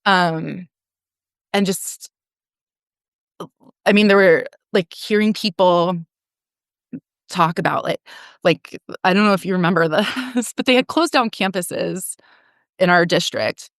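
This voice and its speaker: A woman's voice: fairly low pitch, slow pace, vocal fry, pauses often, fairly bright tone, no echo, clean studio sound. A woman in her forties, a podcast guest telling her own story frankly, with frequent laughs and casual swearing. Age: 40s. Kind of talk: candid personal storytelling.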